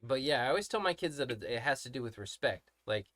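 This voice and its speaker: A man's voice: mid-range voice, expressive, fast talker, fairly bright tone, no echo. A man telling crude, funny stories about his kids in a casual podcast chat, laughing often and cursing freely. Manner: profane, laughing storyteller. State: smoking cannabis. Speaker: podcast co-host.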